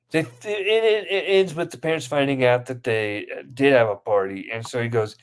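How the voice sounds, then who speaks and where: A man in casual podcast chat, retelling comedy sketches with gusto and acting out each character's lines. His voice sits at an ordinary middle pitch. He rambles and restarts as he gets caught up in the story. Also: normal speed, few pauses, smooth. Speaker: podcast co-host.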